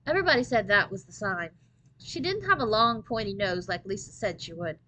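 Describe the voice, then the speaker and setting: A woman's voice: mid-range voice, expressive, brisk, pushed and bright, a little hiss or hum, low-quality recording. A woman reading a children's novel aloud, narrating steadily and expressively in the first person. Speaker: storybook reader.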